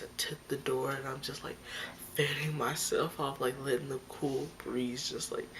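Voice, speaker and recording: A woman's voice: very deep voice, fairly bright tone, a little hiss or hum. A young woman vlogger telling a story to her camera in a chatty way, full of "like" and acted-out lines. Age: young adult. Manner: chatty, fillers like "like", acts out her own lines. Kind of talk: storytime vlog. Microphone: phone or camera close by.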